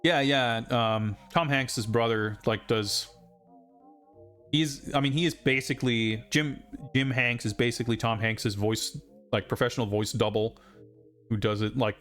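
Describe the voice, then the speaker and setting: A man's voice: medium pitch, fairly even intonation, measured pace, a bit bright, faint music behind. Rambling man streaming a game. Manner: rambling, many fillers and asides. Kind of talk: casual live-stream commentary.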